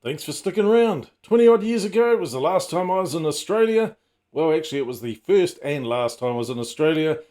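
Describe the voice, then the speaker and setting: A man's voice: a little high, expressive, a little fast, mellow, faint music behind. A middle-aged man hosting a casual comedy vlog, full of wry, self-mocking asides and teasing jokes. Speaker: channel host.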